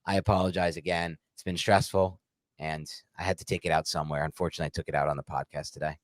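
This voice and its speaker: A stressed man co-hosting a sports podcast, ranting heatedly and swinging between loud outbursts and muttered calm. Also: deep voice, quick pace, dry recording. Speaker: podcast co-host. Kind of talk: casual sports podcast rant.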